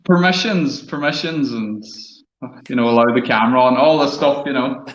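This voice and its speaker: A man answering as a guest in a casual interview, easygoing and halting, repeating words. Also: medium pitch. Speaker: distillery guest. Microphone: video call. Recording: muffled roomy video call audio.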